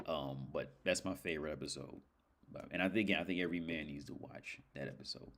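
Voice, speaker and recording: With a very deep, slightly bright voice and a quick pace, this man hosts a livestream and spins a rambling, profane story packed with fillers during casual chat.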